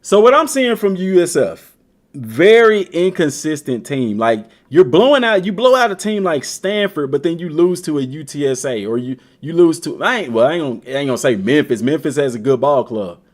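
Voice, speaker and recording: A man streaming a video game keeps up relaxed, slangy, energetic commentary and speaks right to his team. His voice runs on the high side at normal speed.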